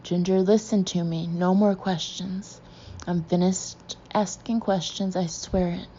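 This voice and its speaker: A woman's voice: lowish voice, steady tone, measured pace, warm tone, slight background noise, close to an everyday voice. A woman reading a commanding male hypnotist. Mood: pleading. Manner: soothing then stern and demanding. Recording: dull lo-fi audiobook recording.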